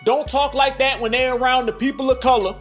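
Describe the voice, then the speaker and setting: A man's voice: very high-pitched, fairly even intonation, brisk, a bit bright, faint music behind. A man giving heated, mocking, profane political commentary.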